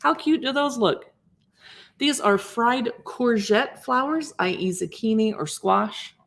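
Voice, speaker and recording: A woman's voice: fairly high pitch, measured pace. A woman in her fifties hosts a casual livestream, chatting as she pages through a cookbook, reading recipe names aloud and greeting viewers. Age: 50s. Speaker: livestream host.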